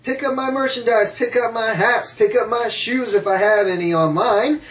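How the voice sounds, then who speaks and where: A man's voice: very high voice, moderate pace, a bit bright, far from the mic, pitched above the performer's own voice. A man doing a mocking impression of a boastful male wrestler, hamming up the bragging. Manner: over-the-top, self-mocking boasting. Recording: echoey room, off mic.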